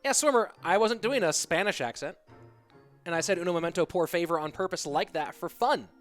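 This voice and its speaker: Over faint music, a young man with a high-pitched voice commentates an esports game on a live stream at a moderate pace. He gives lively play-by-play and chats with the audience.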